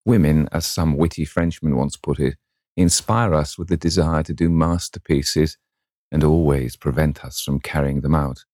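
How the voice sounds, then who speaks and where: A man's voice: rumbling low, normal speed, darkish tone, no echo, clean studio sound. A man voicing a worldly, cynical aristocrat in a storybook reading, with a languid, drawling manner. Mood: teasing.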